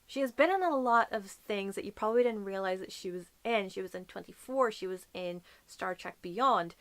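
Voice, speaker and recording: A woman's voice: mid-range voice, normal speed, hardly any pauses. A woman from Northern Ireland with a light Northern Irish accent, chatting casually to camera as a book vlogger, gushing and playful with whispered asides.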